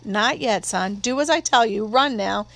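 A woman reading an audiobook, voicing a calm, gentle father who speaks in a steady, unhurried way. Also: on the high side.

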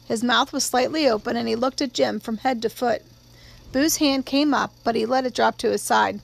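Audiobook narrator, woman, measured storytelling, fairly high pitch with vocal fry. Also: poor audio. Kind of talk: scripted narration.

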